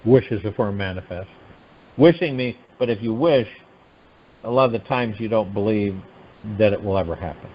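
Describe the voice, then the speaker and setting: A man hosting a meditation call, giving a spiritual teaching talk in an animated, musing way full of rhetorical questions. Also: lowish voice, normal speed, dull audio, a little hiss or hum. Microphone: telephone conference line.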